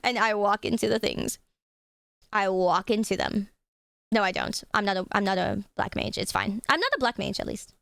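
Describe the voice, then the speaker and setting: A woman's voice: medium pitch, moderate pace, vocal fry, a bit bright, no room sound, studio quality. A young woman livestreaming, chatting casually with her viewers, swearing freely and giggling. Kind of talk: casual reaction stream chat.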